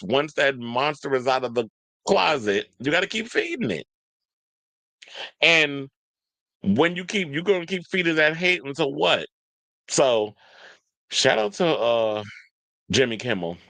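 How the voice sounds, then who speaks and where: A man hosts a podcast with loose, rambling commentary, peppered with swearing and gossip. His voice is mid-pitched, and the recording is close and dry. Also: a bit bright, no room sound, low-quality recording. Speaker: podcast host. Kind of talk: casual commentary.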